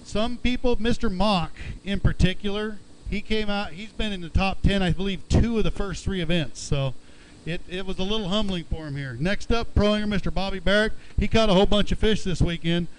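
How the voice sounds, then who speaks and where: This man sits high in pitch and talks fairly quickly while running a fishing weigh-in outdoors. He announces each catch's weight and trades friendly live banter, cheerfully addressing anglers as "bud." There's slight background noise, and the audio is poor.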